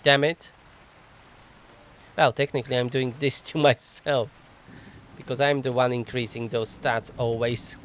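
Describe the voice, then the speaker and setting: A man's voice: mid-range voice, level tone, unhurried, long pauses, fairly bright tone. A man hosting a casual let's play, thinking aloud as he plays, chuckling often and mocking himself wryly on a desk microphone. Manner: thinks aloud while playing. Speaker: gaming channel host.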